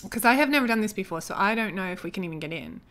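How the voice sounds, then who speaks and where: A young woman chatting casually as she comments on her life-simulation gameplay, excitable and joking as she reacts. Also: mid-range voice, racing. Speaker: gaming YouTuber.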